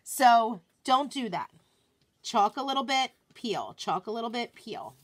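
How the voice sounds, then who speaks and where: A woman hosting a live craft demonstration, chatting casually and excitedly, often murmuring quietly to herself as she works. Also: on the high side, unhurried. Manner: bubbly, chatty, self-deprecating, often drops to a murmur while working. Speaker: craft livestream host.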